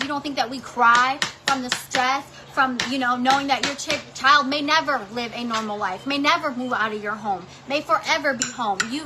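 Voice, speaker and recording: A woman's voice: sits high, background noise. A woman talking casually in her home kitchen while cooking with her child, blunt and heated, swearing freely. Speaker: parent vlogger.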